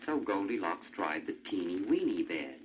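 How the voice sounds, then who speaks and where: A man narrating a storybook in an animated, expressive way. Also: low-pitched, moderate pace, a little hiss or hum. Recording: muffled old vinyl with music.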